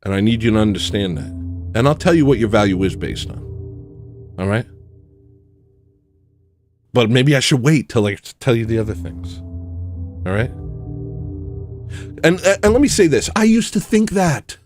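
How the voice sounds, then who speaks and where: Man, livestream rant, lively up-and-down pitch, loud bursts then low mutters, faint music behind. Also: moderate pace, pauses often. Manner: swings between shouting and muttering; jokey, rambling, preachy. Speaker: livestream host. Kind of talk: ranting monologue.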